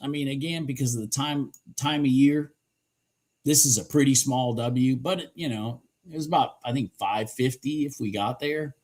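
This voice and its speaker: A man doing live commentary on his day trades, hoarse and clearing his throat, cheering the chart on and swearing casually. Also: mid-range voice, normal speed, a little mellow.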